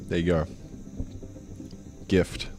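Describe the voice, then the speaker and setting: A man's voice: extremely slow, darkish tone, soft background music. A man thinking aloud in casual live-stream chat while he programs, mumbling along with fillers.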